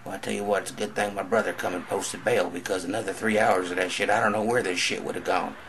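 Guy doing crude standup, low gravelly drawl, noisy recording. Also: steady tone, fast, fairly bright tone. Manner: drawling country storytelling, acts out other voices. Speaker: comedian.

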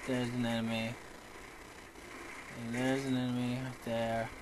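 A man's voice: medium pitch, unhurried, background noise. A young man commenting on a shooter game as he plays, muttering and bursting out in frustration. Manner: excitable, frustrated muttering and outbursts. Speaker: gamer. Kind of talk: let's play commentary.

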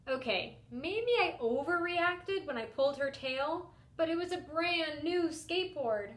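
A young adult woman, a teacher, reading a picture book aloud to children in an expressive first-person style. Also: sits high, a little slow, few pauses. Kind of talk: storybook read-aloud for children. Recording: roomy echo.

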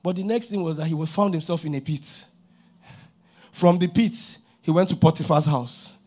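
A middle-aged man with a Nigerian accent, preaching a sermon as pastor, animated and acting out dialogue, rising to shouts. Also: fairly high pitch, normal speed.

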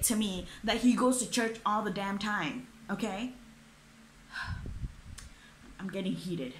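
A woman's voice: mid-range voice, animated, slow, long pauses. Exasperated young woman ranting. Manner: exasperated, swearing, many fillers. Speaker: book reviewer. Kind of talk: ranting book review. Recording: echoey room.

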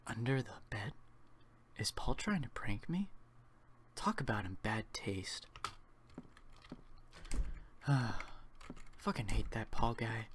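A man's voice: on the low side, sing-song, takes it slowly, pauses often, a bit bright, a little hiss or hum, heavily acted. A man voicing a weary, grumpy young male protagonist who mumbles his lines.

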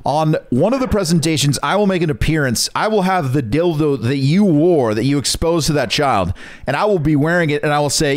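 Co-host, young man, lively swings, dry mic, teasing hype man. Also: fairly high pitch, fairly quick, dry recording. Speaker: podcast co-host. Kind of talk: crude comedic podcast banter.

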